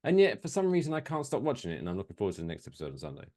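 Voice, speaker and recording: A man's voice: fairly low pitch, huge pitch swings, racing, a little mellow. A man co-hosting a casual podcast, joking loosely and swearing freely. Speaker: podcast co-host.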